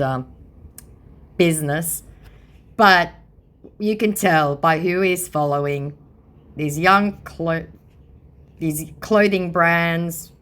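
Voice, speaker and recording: A woman reading out a chat with a scammer, adding sarcastic, exasperated commentary. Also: low voice. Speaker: scambaiter content creator.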